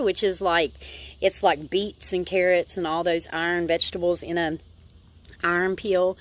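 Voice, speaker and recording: A middle-aged woman talking in a casual personal video diary, rambling and chatty with lots of "like" and "um" and calling her viewers "y'all". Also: on the low side. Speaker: vlogger.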